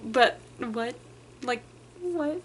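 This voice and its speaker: A young woman telling a casual storytime rant to her camera, animated and full of filler words. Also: on the high side, drawn-out words, noisy background. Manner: animated, filler-heavy, many "like"s, acts out customers. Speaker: vlogger.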